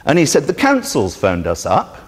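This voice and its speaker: A man's voice: mid-range voice, huge pitch swings, normal speed, breathy edge. A man giving a public talk in a meeting hall, telling a story with sardonic indignation and acting out both sides of the dialogue. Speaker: speaker at a public presentation. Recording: reverberant hall recording.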